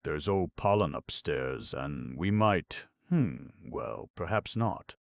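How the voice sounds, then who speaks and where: A man voicing a detached, hesitant gentleman. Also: rumbling low, expressive, slow pace, vocal fry, dry recording, clean studio sound, heavily acted. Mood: musing.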